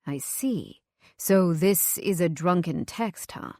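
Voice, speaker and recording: A woman's voice: fairly low pitch, slow, dark tone, dry recording, studio quality. A woman narrator voicing a cool, terse young man answering texts in an audiobook. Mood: dry, amused.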